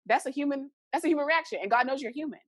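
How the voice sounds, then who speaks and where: A woman's voice: high voice, racing, no echo. A young adult woman, a podcast guest, earnestly telling a personal story and acting out the remembered dialogue.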